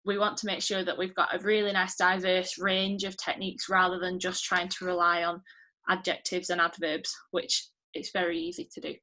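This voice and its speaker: A woman's voice: on the low side, little pitch movement, moderate pace, sharp tone. A young woman from England teaching an English literature class online, chatty and encouraging, over a video call. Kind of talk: online lesson.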